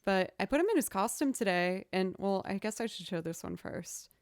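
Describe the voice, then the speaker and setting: A woman hosting a casual livestream chat, answering viewer questions as a chatty, expressive storyteller. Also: mid-range voice, moderate pace, no room sound, studio quality. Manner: chatty, expressive storyteller who acts out quoted reactions.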